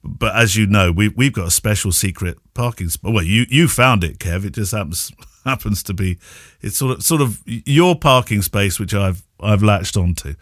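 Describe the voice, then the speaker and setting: A man with a lowish voice that swings widely in pitch as he tells stories. He is jokey and animated and laughs often during a casual podcast chat. The sound is dry and close. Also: moderate pace, no echo. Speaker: podcast co-host.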